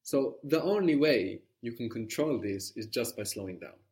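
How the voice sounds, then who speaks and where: A man's voice: medium pitch, animated, moderate pace, a little mellow. A man teaching a language lesson, explaining patiently and encouraging his student.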